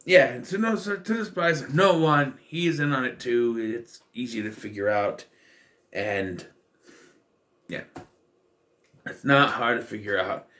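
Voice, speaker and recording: Male film vlogger, mid-pitched, casual and rambling, dry sarcastic asides. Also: a little slow, pauses often, a bit bright. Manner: rambling, with many fillers and restarts; wry, sarcastic. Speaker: movie reviewer. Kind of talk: casual spoken film review.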